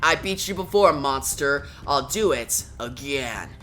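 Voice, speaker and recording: A woman voicing a stern, commanding male antihero ruler in a low, hushed voice while reading a comic aloud. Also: animated, a little slow, soft background music, exaggerated voice.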